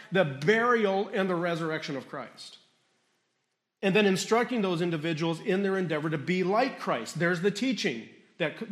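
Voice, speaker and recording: A man's voice: high voice, a bit bright, echoey room. A man preaching a sermon as pastor, teaching step by step, asking the congregation questions and repeating key phrases.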